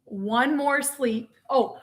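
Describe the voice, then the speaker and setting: A woman's voice: sits high, drawn-out words. A woman in her forties vlogging at home, talking to her young son in a playful, teasing, sing-song way. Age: 40s. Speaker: mother vlogging. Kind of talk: casual home vlog.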